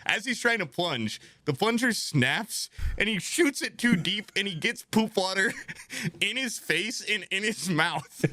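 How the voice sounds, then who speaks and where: A man's voice: on the high side, sharp tone, no echo. A young man telling a funny story on a podcast, laughing often and swearing as he talks. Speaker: podcast co-host. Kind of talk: casual comedic storytelling.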